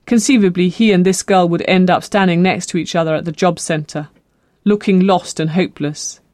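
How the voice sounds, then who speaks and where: An audiobook narrator reading a novel in a measured, expressive way. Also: mid-range voice, no room sound, clean studio sound. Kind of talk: scripted narration.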